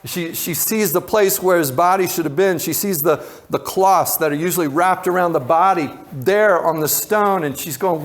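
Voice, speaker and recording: Higher-voiced man preaching conversationally. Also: normal speed, hardly any pauses. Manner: conversational, prone to tangents and repeated words. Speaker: pastor. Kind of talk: sermon.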